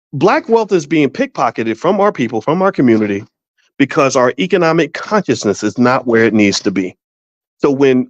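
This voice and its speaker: A middle-aged man hosting a casual commentary monologue, folksy and repetitive, breaking into high excited voices when telling stories. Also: no room sound. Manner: animated storyteller, jumps into high excited voices; folksy, repeats himself and restarts often. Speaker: host. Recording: dull, slightly lo-fi dry sound.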